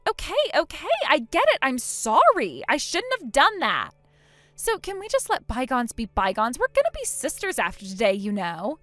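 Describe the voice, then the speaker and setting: A snide, mocking young sister-in-law. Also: female voice, high voice, huge pitch swings, normal speed, a bit bright, dry recording, heavily acted. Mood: pleading. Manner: taunting, snickering, dismissive. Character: mocking spiteful young woman, the groom's sister. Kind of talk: text-message story voice acting.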